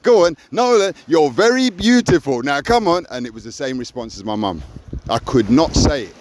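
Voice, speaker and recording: A man's voice: medium pitch, slight background noise. An older man talking earnestly in a raw personal conversation, stressing points with "you see". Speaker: podcast co-host.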